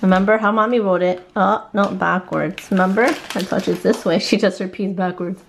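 A woman's voice: medium pitch, fairly even intonation, normal speed, vocal fry. A young woman chatting casually in a family vlog at home, giggly and teasing. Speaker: vlogger. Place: home, indoors. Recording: echoey room, faint noise.

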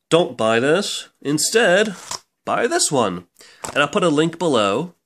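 A man's voice: on the high side, slight background noise. A man giving a casual book review, chatty and hesitant, with many fillers and restarts and wry offhand asides.

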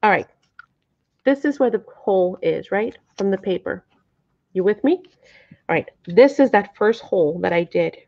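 A woman's voice: medium pitch, expressive, moderate pace, pauses often, dark tone. A middle-aged woman hosting a live craft tutorial, chatty and a bit flustered, often checking in with her viewers. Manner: apologetic, flustered by the camera framing. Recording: dull lo-fi sound.

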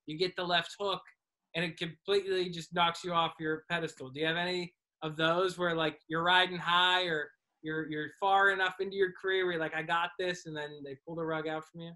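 Male comedian host, high bright voice, easygoing interviewer. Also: little pitch movement, brisk, low-quality recording. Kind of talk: casual interview chat.

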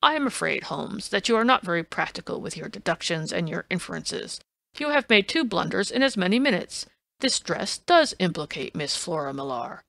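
A woman voicing a brash, blustering male police inspector in an audiobook, loud and insistent. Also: fairly low pitch, very animated, moderate pace, vocal fry, dry recording, heavily acted. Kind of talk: audiobook reading.

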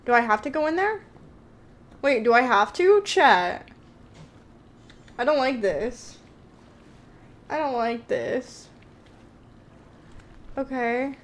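A woman's voice: high voice, lively intonation, slow, pauses often. A woman streaming a horror game, chatting with her viewers in a jokey, jittery way while she admits she is scared. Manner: chatty, talks to chat, nervously jokey. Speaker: gaming streamer. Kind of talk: live-streamed game commentary.

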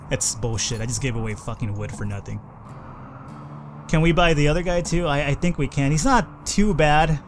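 A man's voice: mid-range voice, noisy background. A man hosting a let's play, talking through his choices in casual gameplay commentary and swearing freely when things go wrong. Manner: thinks aloud, swears freely when frustrated.

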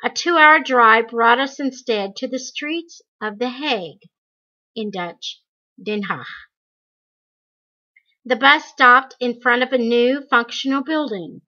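A woman reading a memoir aloud in slow, deliberate storytelling. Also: fairly high pitch, pushed and bright, dull audio. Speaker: audiobook reader.

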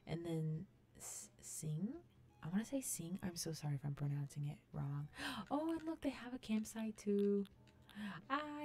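A young woman casually commenting as she tours a video game island, gushing and gasping with excitement. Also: lowish voice. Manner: gushing, excited, lots of gasps and "oh my God". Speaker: gaming vlogger touring a fan-made island.

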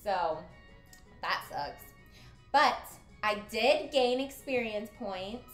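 A bright, high-pitched woman chats through a game stream in an easy, unhurried way, her voice leaping up and down as she gets excited. She giggles and breaks into sudden squeals. The room is echoey, with faint music behind her. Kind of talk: casual gameplay commentary.

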